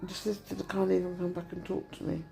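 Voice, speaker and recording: Tired middle-aged woman, gravelly and dark-toned, venting to camera from a hospital bed. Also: fairly low pitch, flat delivery, brisk, soft background music. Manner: upset, venting, retells dialogue. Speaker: vlogger. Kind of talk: casual vlog rant. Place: hospital room.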